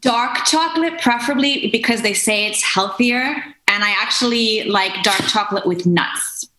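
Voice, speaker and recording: A woman guest on a podcast, a jazz vocal performer, speaking softly and hesitantly over a video call. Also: fairly high pitch, moderate pace, reverberant, poor audio. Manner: soft-spoken, hesitant, searches for words.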